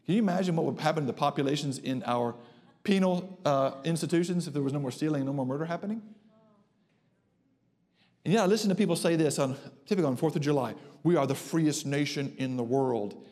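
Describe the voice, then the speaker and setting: A man serving as pastor gives a forceful sermon in a somewhat mellow tone, recorded amid the lingering reverb of a church hall. His pace drops and his pitch rises whenever he wants a point to land.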